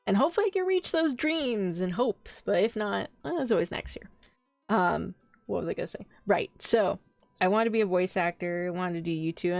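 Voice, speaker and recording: A woman's voice: mid-range voice, no room sound. Young woman streamer, casual rambling chat, laughs a lot, close dry mic with faint music behind. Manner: rambling, laughs often, loses track of thought. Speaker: VTuber streamer.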